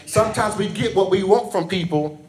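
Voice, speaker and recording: A man preaching an impassioned evening sermon, swinging between loud calls and soft asides, drawing responses from the congregation. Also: sits high, normal speed, faint music behind.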